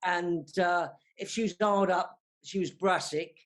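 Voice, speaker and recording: A man's voice: high-pitched, fairly even intonation, a little slow, fairly bright tone. A man in his sixties with a London accent, a guest chatting casually on a panel over a video call, self-deprecating and full of restarts. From South London. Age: 60s.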